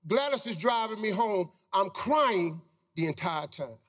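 A man's voice: sits high, animated, unhurried, fairly bright tone, long reverb tail. A middle-aged man telling a personal story to a live audience, in a folksy, preacher-like manner with loose vernacular grammar. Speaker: motivational speaker.

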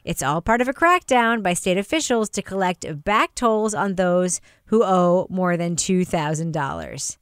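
Smooth-voiced woman hosting a podcast. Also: fairly low pitch, expressive, unhurried, hardly any pauses, no echo, clean studio sound. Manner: wry, reads news items then riffs. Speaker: podcast host. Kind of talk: casual panel talk with scripted segments.

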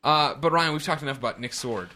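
Bright-voiced male podcast host. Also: mid-range voice, fast. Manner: jokey, reads listener questions aloud. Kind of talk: casual chat.

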